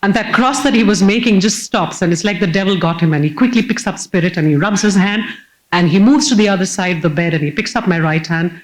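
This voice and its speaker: A woman tells stories from her life on stage. Her voice sits at a middling pitch. She is lively and self-mocking, and she acts out the scenes as she goes. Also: fast, low-quality recording. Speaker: keynote speaker. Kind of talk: humorous personal storytelling talk. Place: stage before a live audience.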